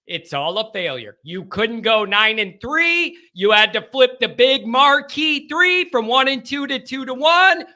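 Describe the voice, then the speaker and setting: A man hosting a post-game football call-in show, ranting and often shouting. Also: very high-pitched, animated, unhurried, few pauses. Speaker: sports talk show host.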